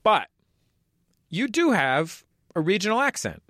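A man's voice: high-pitched, wildly swooping pitch, a little slow, fairly bright tone, no room sound, clean studio sound. A man from San Francisco interviewing a guest with wry, playful questions. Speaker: podcast interviewer.

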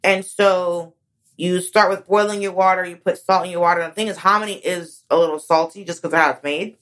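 A woman comedian, a guest in a studio, chatting casually. Her speaking voice sits on the low side, and she tells stories with plenty of animation, jumping up in pitch whenever she acts out a moment. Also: a little fast. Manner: animated storyteller, swoops high when acting out moments. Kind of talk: casual interview chat.

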